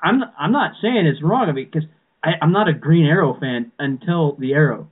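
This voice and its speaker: A man's voice: a little high, expressive, normal speed, breathy edge. Man, casual podcast chat, rambling with restarts, narrow phone-like sound. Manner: rambling, many restarts and "you know"s.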